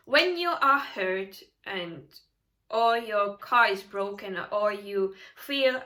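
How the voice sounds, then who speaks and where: Slow, bright-voiced woman tarot reader. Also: mid-range voice. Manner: animated and emphatic, laughs often. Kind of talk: casual vlog advice.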